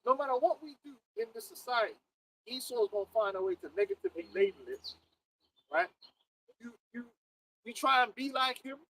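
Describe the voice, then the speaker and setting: A young man speaking in a very high voice that swoops up and down with energy. His delivery is slangy and animated, broken by frequent laughter. There is a gravelly edge in his tone. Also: brisk, pauses often, low-quality recording. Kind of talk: casual chat.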